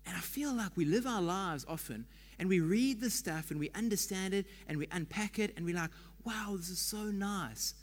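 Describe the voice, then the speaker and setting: A man's voice: high-pitched, animated, fairly quick, hardly any pauses, in a large hall. A man giving a conversational sermon as pastor, chatty and quizzing the congregation.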